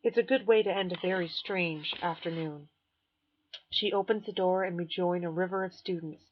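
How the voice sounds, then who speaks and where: A woman reading a novel aloud in first person as an audiobook narrator, measured and clear. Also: fairly low pitch, a little hiss or hum. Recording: dull lo-fi recording.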